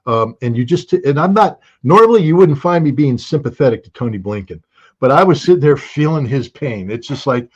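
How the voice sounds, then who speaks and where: A man as a guest in casual political talk, animated, restarting often with many fillers. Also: medium pitch, fairly quick, breathy edge.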